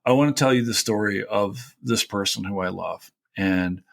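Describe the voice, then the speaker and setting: Low gravelly man telling a heartfelt story. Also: normal speed. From Kentucky. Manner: rambling, heartfelt, many "you know" fillers. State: tearful at times. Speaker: historian host. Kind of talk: personal storytelling.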